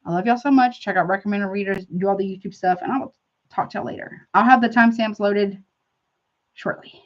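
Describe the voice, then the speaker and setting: A woman's voice: medium pitch, a little fast, dull audio. A middle-aged woman hosting a casual live-stream tarot reading, effusive and chatty, calling her viewers honey and y'all.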